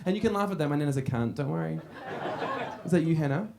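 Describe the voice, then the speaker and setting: On a noisy comedy club stage, this Australian comic in his 30s talks fast in a fairly high, creaky voice. His set is brash and crowd-teasing, full of swearing and laughter.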